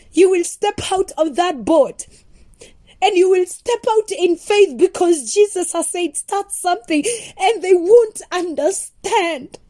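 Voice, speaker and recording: Slow, high-voiced woman preaching with fervor. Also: warm tone, no room sound. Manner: earnest, repetitive, preacher-like emphasis. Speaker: songwriter explaining her gospel song. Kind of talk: impassioned devotional teaching.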